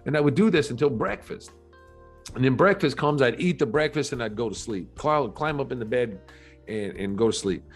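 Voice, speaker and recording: A middle-aged man, a podcast guest, telling his life story in a candid, earnest and reflective way, with halting restarts. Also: medium pitch, expressive, husky, soft background music.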